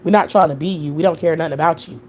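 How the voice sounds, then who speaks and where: A woman's voice: low voice, fairly even intonation, rapid-fire, darkish tone, slight background noise. A young adult woman hosting a live stream, answering chat in a profane, scornful rant with mocking laughter. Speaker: livestream host.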